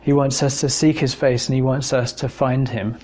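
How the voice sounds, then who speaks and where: A man's voice: medium pitch, steady tone, moderate pace, darkish tone. A man from England giving an informal talk, telling personal stories in a thoughtful conversational way with frequent fillers. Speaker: speaker giving a talk on evidence for God.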